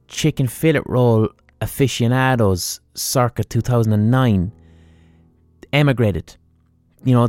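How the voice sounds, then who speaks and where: A man's voice: medium pitch, a little mellow, dry recording. An Irish man hosting a solo podcast, delivering a sweary, exasperated comedic rant full of rhetorical questions. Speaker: podcast host.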